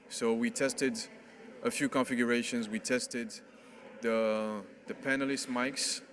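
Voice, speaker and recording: A man running a casual sound check at a conference lectern, talking haltingly with restarts while testing the microphone from a short distance. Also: mid-range voice, little pitch movement, fairly bright tone. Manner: halting, with many restarts and fillers. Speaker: event organizer testing microphones.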